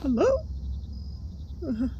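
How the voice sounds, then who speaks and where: A woman's voice: slow, mellow, lo-fi sound, a little hiss or hum. A woman hosting a horror game playthrough, reacting nervously and talking to herself as she plays. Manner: jumpy, nervous, talks to herself. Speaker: gaming channel host.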